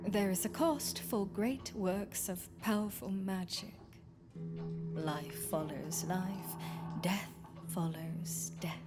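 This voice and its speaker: A quietly menacing, possessive old friend, acted by a woman in a visual novel, speaking formal, old-fashioned lines at an unhurried pace. Her words keep dropping into hushed, unvoiced whispers. A game soundtrack plays clearly behind her. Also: medium pitch, close to an everyday voice. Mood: darkly tender. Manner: formal, archaic phrasing, slipping into whispers. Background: game soundtrack music.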